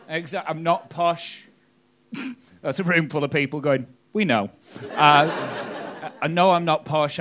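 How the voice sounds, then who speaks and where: On a comedy club stage, a stand-up comedian with a Hartlepool accent from northeast England delivers a cheeky, sweary live set, tagging jokes with "right?". His voice sits on the high side, with background noise audible.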